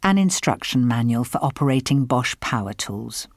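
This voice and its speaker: A woman's voice: very deep voice, animated, normal speed, dry recording, exaggerated voice. A woman reading the part of a reserved woman translator, speaking tersely and guardedly. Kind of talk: audiobook character reading.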